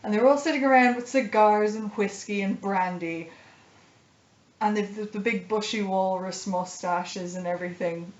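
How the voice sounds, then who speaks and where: A woman's voice: medium pitch, normal speed. A young woman, a game master, chatting enthusiastically about her game. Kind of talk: casual chat. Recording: echoey room, dull lo-fi audio with faint noise.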